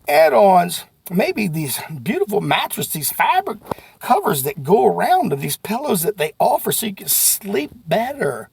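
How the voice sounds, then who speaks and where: A man giving a folksy, animated sales lesson that breaks into sudden shouts. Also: high voice, a little slow, gravelly, husky. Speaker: sales trainer. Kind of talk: motivational sales talk to camera.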